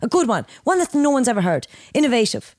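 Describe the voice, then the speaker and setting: A young woman co-hosting a podcast, teasing and laughing as she runs a quick quiz. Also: a little high, very animated, darkish tone, no room sound. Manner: giggly, teasing quizmaster. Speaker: podcast co-host. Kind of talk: casual chat. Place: small room, in a dinosaur costume.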